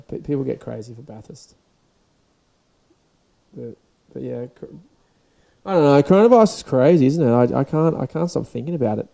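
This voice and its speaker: A man's voice: medium pitch, creaky, dark tone. A young Australian man hosting a podcast, rambling and swearing in a casual solo rant, his voice sore and dried out. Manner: rambling, sweary, restarts often. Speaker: podcast host.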